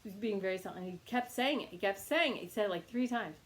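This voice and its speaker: A woman reiki teacher telling a casual teaching anecdote, animated and laughing often. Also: mid-range voice, quick pace. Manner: animated storytelling with frequent laughs.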